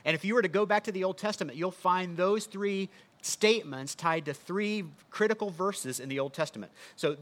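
A man's voice: sits high, moderate pace. A man preaching a sermon in a conversational teaching manner, often asking the listeners rhetorical questions. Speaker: pastor.

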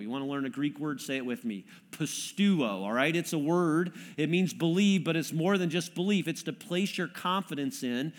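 A middle-aged man preaching to his congregation in an earnest, conversational way. He teaches like he is talking with friends and pulls the room in with questions. His voice sits a little higher than most men's. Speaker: pastor. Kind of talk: sermon. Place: church room with audience.

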